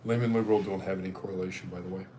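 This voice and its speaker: Casual male streamer, mid-pitched and rambling, with a faint hiss in the background. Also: fairly even intonation, very fast. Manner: rambling, chatty. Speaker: livestream host. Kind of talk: casual live-stream chat.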